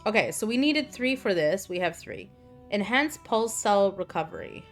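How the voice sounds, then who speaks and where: A woman's voice: mid-range voice, very animated, moderate pace, faint music behind. A young woman streaming a game, chatting casually, joking and reading game text aloud. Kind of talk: casual gameplay commentary.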